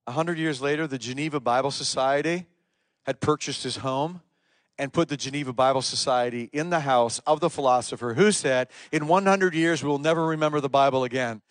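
A man's voice: brisk, no echo. Emphatic preacher man with a dry sound. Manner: emphatic, swings from loud stresses to quiet low asides. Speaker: pastor. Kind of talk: sermon. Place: church service.

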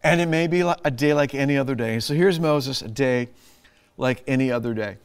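A middle-aged man preaching a sermon, animated, laughing often and acting out lines in a raised voice. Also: medium pitch, brisk, clear, resonant tone. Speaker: pastor.

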